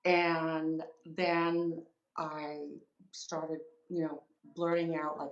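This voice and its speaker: A woman's voice: low voice, flat delivery, very slow, reverberant, muffled recording. A woman recounting a personal story in an interview, with many fillers and quoted dialogue. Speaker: guest.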